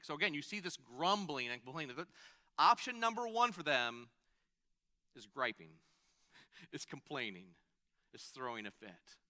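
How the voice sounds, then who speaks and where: Male pastor, fairly high bright voice, casual preaching style with asides. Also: animated, moderate pace. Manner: conversational, with frequent restarts and asides. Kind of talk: sermon.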